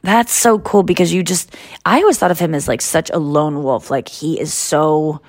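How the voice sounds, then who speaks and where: A woman podcast host in casual chat, telling stories in an animated way and acting out what others said. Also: sits low, normal speed, no echo, clean studio sound. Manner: animated storytelling, quoting others in raised voices.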